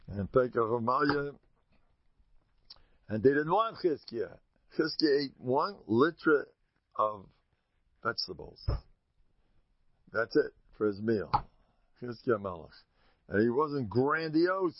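Gravelly man giving a lively Torah class. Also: no room sound. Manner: jokey, acts out quotes with sudden high squeaks and mutters. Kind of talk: animated Torah lecture with storytelling. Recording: dull lo-fi recording.

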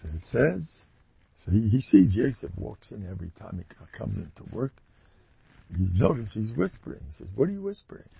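A man giving a storytelling sermon, talking in an animated way with sudden loud, emphatic rises. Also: lowish voice, normal speed, vocal fry, slightly rough. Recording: dull lo-fi dry recording.

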